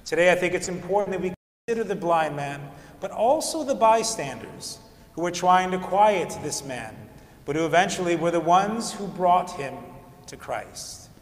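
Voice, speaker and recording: A middle-aged priest with a fairly high voice preaches in a calm, conversational way, telling stories as he goes. The sound rings out with a long reverb from the church hall around him. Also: moderate pace. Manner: calm, conversational storytelling with occasional restarts. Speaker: Orthodox priest. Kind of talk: sermon.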